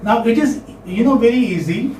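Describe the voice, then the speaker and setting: A man's voice: very high-pitched, lively intonation, moderate pace, darkish tone, a little hiss or hum. A man teaching phonetics to a class, repeating words and asking checking questions. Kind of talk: classroom lecture. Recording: echoey classroom, mic far off.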